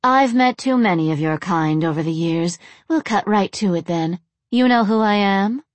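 A woman's voice: mid-range voice, normal speed, no echo, voice pushed up, close to an everyday voice. A woman voicing a blunt, disdainful undead woman who mocks her guests in a storybook reading. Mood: sardonic. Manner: mocking, blunt.

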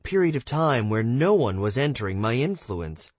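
A man narrating an audiobook in a measured, even way. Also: medium pitch, breathy edge, no echo. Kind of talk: scripted narration.

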